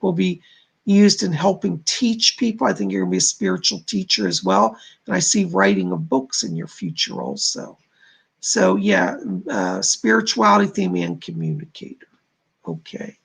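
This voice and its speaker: A man with a strongly gravelly, husky voice hosts a live stream of psychic readings. His pitch moves a lot as he chats with viewers and passes on messages, stopping often to say "she said.". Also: fairly bright tone. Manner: chatty, relays messages with frequent "she said". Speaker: psychic medium.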